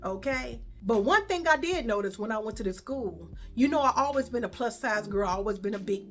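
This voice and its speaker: A chatty woman from Chicago tells a story in a casual storytime, her fairly bright voice on the high side, a little fast and lively in intonation. She repeats herself and calls her viewers y'all and baby.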